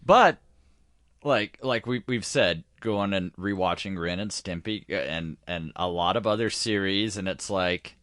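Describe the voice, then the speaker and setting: A man's voice: low voice, unhurried, a bit bright, no echo, clean studio sound. A man in his forties co-hosting a podcast in casual chat, rambling loosely with lots of filler words. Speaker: podcast co-host.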